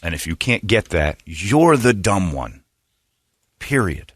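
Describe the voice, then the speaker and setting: A low-pitched, sing-song middle-aged man hosts opinionated morning radio talk, brash and ranting, quick to mock and prone to putting on voices. It's studio quality with no echo.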